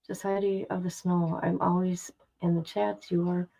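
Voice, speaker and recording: A woman's voice: on the low side, flat delivery, normal speed, gravelly, warm tone, rough recording. A woman hosting a casual livestream, dramatic and exclamatory, talking to herself and her chat. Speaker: livestream host. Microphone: no headphones, device mic.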